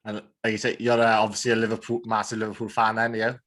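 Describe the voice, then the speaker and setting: A man's voice: lowish voice, completely flat delivery, fast, a bit bright. A man hosting a sport podcast, asking questions in a casual interview with short, encouraging replies. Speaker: podcast host.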